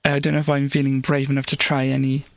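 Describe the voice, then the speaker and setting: Rambling woman streamer with a gravelly voice. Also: extremely low pitch, completely flat delivery, fast talker. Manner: rambling, with many restarts and laughs; breaks into playful put-on voices. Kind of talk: casual livestream chat.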